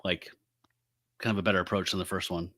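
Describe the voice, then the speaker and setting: A man co-hosting a podcast, casually recapping a comic and acting out its dialogue in a relaxed way. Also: low voice, fast, no room sound, studio quality. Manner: relaxed, recaps and acts out quotes with laughs. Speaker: podcast co-host. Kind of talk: casual comic book discussion.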